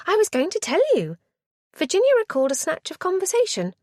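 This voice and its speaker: An eager, excitable young lady with a high, bright voice that races up and down, as a woman reader puts her on. She sounds breathless with enthusiasm, in a dry, close recording. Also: a little fast, no echo, full character voice.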